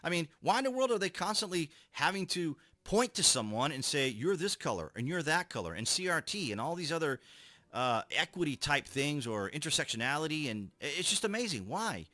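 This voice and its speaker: A man's voice: fairly high pitch, sing-song, a little fast, sharp tone, no room sound. A man giving casual political commentary, reading out articles and reacting with sarcastic rhetorical questions.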